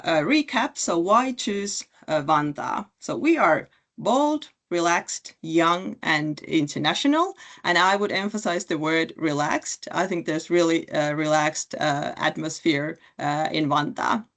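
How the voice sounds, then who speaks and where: Woman, low voice, city pitch presentation, hesitant, many fillers. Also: expressive, measured pace, a bit bright. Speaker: city representative pitching at a webinar.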